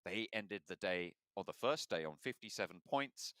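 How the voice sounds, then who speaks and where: Deep-voiced male esports caster. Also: lively intonation, moderate pace, a bit bright. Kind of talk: esports commentary.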